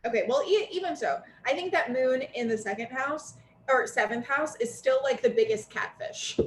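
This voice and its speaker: A young woman co-hosting a casual astrology chat, talkative and quick to laugh. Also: high-pitched. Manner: chatty, laughs, acts out quoted voices. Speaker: astrologer co-host. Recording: echoey room with faint ambient noise.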